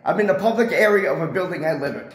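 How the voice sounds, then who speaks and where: High-voiced man lecturing security guards. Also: rapid-fire, roomy sound, low-quality recording. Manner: confrontational, lecturing, repeats himself. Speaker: resident filming a confrontation. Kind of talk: heated confrontation, filmed on phone. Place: public area of a residential building, indoors. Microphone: handheld phone camera.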